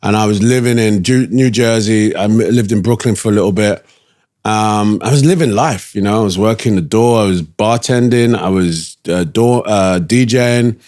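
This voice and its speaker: A man with a London accent, a guest casually telling stories in an animated way, laughing and dropping slang. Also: fairly low pitch, normal speed. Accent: London English. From England. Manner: animated, laughing storyteller who slips in slang. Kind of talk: casual storytelling chat.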